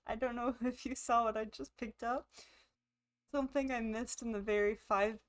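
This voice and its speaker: A woman with the hiccups giving excitable let's play commentary, thinking aloud as she plays. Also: fairly high pitch, normal speed. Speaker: gamer.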